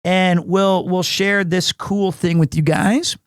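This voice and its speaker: A man's voice: sits high, fairly even intonation, slow pace, clear, resonant tone, no echo, studio quality. A man hosting a game livestream, chatting casually in a gushing, rambling way and often repeating his words. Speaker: livestream gamer host. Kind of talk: casual stream chat.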